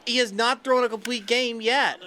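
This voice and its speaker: A young man commentating his own baseball video game, excitable, yelling when upset and dropping to a low muttering tone when calm. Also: normal speed. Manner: excitable, yells in frustration then drops to a low muttering tone. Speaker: gaming YouTuber.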